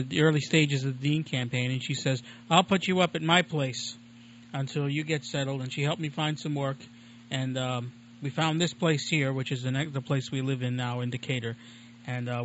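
On a lo-fi, muffled recording with a little hiss or hum, a man with a voice on the high side hosts his home-made radio show. He delivers a casual rambling monologue, chatty, digressive, and self-deprecating.

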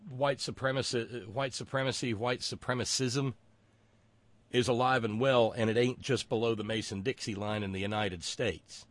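A man hosting a political talk show, with wry, sarcastic asides and many pauses and fillers. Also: medium pitch, no room sound.

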